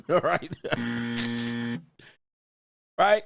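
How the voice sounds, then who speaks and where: A man's voice: medium pitch, animated, moderate pace, fairly bright tone, dry recording, studio quality. A man hosting a reaction commentary, talking in a blunt, mocking and exclaiming way. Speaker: host.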